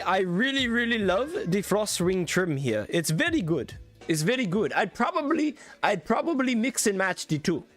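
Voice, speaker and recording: Man doing a playful put-on Indian accent, high voice, lively swoops, faint music under it. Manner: higher, bouncy, playful, repeats himself. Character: the streamer himself in a playful mock accent. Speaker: streamer. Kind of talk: mock-accent bit during a live mod review.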